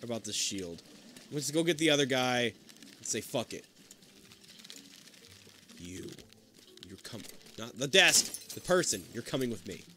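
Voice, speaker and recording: A man playing a co-op game with a friend, excitable and swearing, swinging between yelling and muttering. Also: medium pitch, unhurried, long pauses, slight background noise. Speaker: gamer. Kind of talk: casual co-op game commentary.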